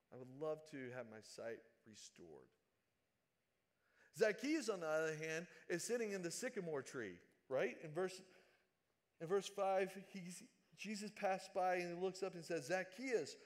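A man delivers a sermon in a fairly high voice. He moves between loud, dramatic calls and quiet, hushed asides, retelling scripture with feeling. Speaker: preacher.

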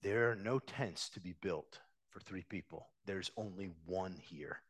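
A man preaching a sermon, swinging between loud emphatic passages and quiet, hushed ones. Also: low-pitched, unhurried, slightly rough. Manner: dynamic preaching, rising loud then dropping to hushed. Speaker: pastor.

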